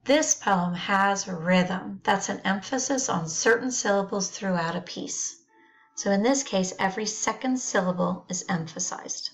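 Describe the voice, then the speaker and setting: A woman reads poems aloud and then explains them, taking her time over each line. Her pitch sits in an ordinary middle range, and she pauses carefully between phrases. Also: poor audio.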